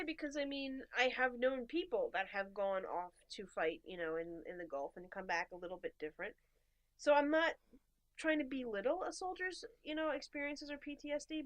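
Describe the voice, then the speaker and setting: Chatty higher-voiced woman podcast host. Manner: chatty, animated storyteller. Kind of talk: casual chat.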